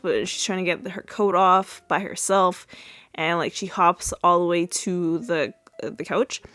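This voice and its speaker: A woman's voice: on the low side, fairly bright tone, smooth, no echo. A young woman podcast host recapping a sitcom episode in a chatty way, full of fillers and restarts. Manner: chatty, many fillers and restarts, laughs at own retelling.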